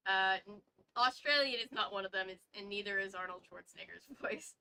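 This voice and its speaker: A woman's voice: mid-range voice, a little fast, creaky, sharp tone, a little hiss or hum, low-quality recording. A woman hosting a casual book read-along, reading aloud with stumbles and chatty asides. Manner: reads aloud with stumbles and side comments.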